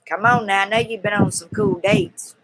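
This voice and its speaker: A woman's voice: medium pitch, lively intonation, moderate pace. A woman with a Southern US accent chats through a casual live-stream Q&A. Her talk is folksy and chatty, and she teases and coaxes her viewers along. A faint hiss sits behind her voice. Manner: chatty, teasing and coaxing, folksy.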